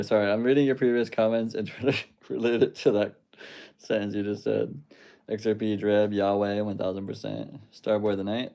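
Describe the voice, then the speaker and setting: A young man hosts a loose, casual livestream and reads out the chat, rambling and swearing freely. His voice sits low and gravelly, with a warm, mellow tone. He laughs easily at the comments. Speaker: livestream host reading chat.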